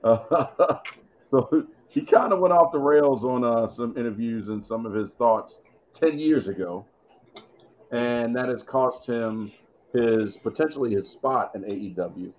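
Man, casual podcast co-host, rambling with fillers, mid-pitched, muffled lo-fi audio. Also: a little slow. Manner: rambling, thinks aloud with many fillers. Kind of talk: casual chat about wrestling.

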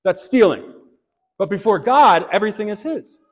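Man, pastor, sermon, high-pitched, earnest, long church reverb. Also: expressive, normal speed. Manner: earnest preaching, shifts to light anecdote.

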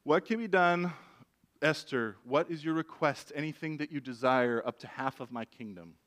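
A man's voice: a little high, normal speed, a bit bright, lightly acted. A man voicing a powerful ancient king who speaks in commanding exclamations. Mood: generous. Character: powerful ancient king, indulgent then furious.

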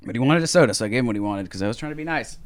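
A young man in his twenties telling a story in casual chat, swearing a lot and acting out other people's voices loudly. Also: mid-range voice, expressive, rapid-fire.

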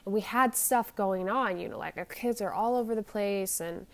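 A woman in her forties tells a personal story in a halting, shaken way, full of restarts and fillers, anxious as she talks. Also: medium pitch. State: shaken and anxious while telling it. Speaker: vlogger.

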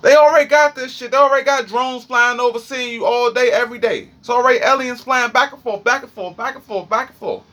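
A man's voice: extremely high pitch, fast talker, few pauses, fairly bright tone. A young man with a Washington, D.C. accent, rambling profanely and animatedly through a freestyle monologue. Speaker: streamer.

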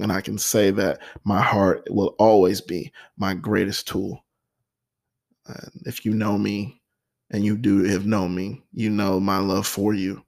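A man's voice: fairly low pitch, gravelly. A man hosting his own talk show, speaking earnestly and from the heart about his life, often repeating phrases. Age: adult with a nine-year-old son. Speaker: podcast host. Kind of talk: personal motivational monologue.

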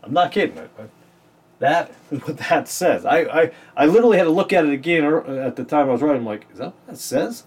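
A man hosting a casual podcast, comparing Bible verses with a sarcastic edge and reading scripture slowly with stress, in a small room. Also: fairly high pitch, expressive, a little hiss or hum.

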